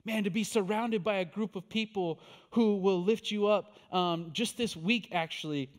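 A man with a notably high voice delivers a sermon like a conversation with his church. He tells a personal story with animated, quoted back-and-forth, then turns to encouraging the listeners. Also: moderate pace. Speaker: pastor.

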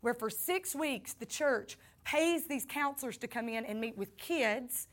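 Woman, Southern accent, high-pitched, earnest personal storytelling, faith testimony. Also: animated, a little slow. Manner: earnest, addresses listeners as y'all. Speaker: speaker sharing a faith testimony.

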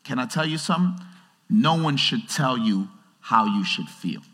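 A man preaching a sermon in a conversational, animated way, talking straight to the congregation and acting out quotes. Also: mid-range voice, normal speed. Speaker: pastor. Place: large church hall. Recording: reverberant church hall.

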